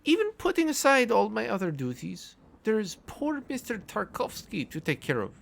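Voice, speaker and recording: A man voicing an overworked, grumbling female nurse in a high falsetto with a put-on Russian accent. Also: huge pitch swings, normal speed, gravelly, exaggerated voice.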